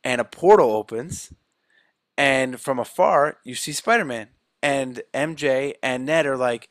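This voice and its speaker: A man casually retelling a movie plot in an animated way, often saying "like.". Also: medium pitch, moderate pace, no echo, clean studio sound. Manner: animated storytelling, many "like"s.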